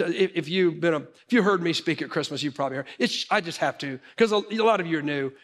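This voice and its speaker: A middle-aged man preaching as a pastor, telling animated personal stories with frequent restarts. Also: fairly high pitch.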